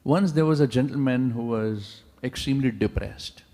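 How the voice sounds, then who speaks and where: A man preaches to a congregation, telling his stories with animation and tossing rhetorical questions at the listeners. His voice has a gravelly texture and rings with the long reverb of a large temple hall. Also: medium pitch, moderate pace. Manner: animated storyteller, asks the audience rhetorical questions. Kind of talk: sermon with storytelling.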